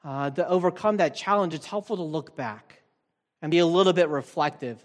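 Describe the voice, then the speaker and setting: A man preaching a conversational sermon as a pastor, relaxed and thinking aloud with fillers and restarts. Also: on the high side, brisk. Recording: long reverb from a large hall.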